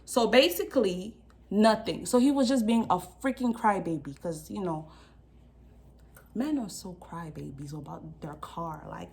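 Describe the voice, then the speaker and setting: A young woman vlogger telling a story in a casual, slangy, animated way, acting out the people in it. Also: lowish voice, unhurried, creaky.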